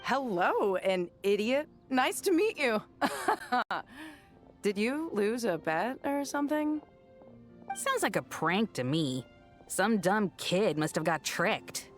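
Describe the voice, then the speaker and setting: A snide passerby woman, drawling her mockery slowly with a lively rise and fall. A minor video game voice. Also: medium pitch, faint music behind. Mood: mocking. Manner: slow, sneering. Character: mocking female passerby, snide.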